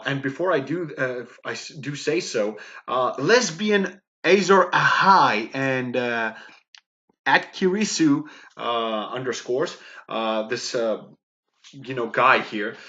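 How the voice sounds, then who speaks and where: A man's voice: on the high side, pushed and bright. A man from Greece, ranting in a mocking commentary full of fillers. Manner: emphatic, mocking, with many fillers and "okay?". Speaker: YouTube commentator. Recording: dull lo-fi mic.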